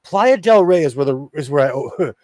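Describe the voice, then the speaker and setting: Chatty host with a dry close sound. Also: male voice, on the high side, animated, normal speed, darkish tone, no room sound. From Los Angeles area. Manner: chatty, laughs often, rambling. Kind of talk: casual livestream chat.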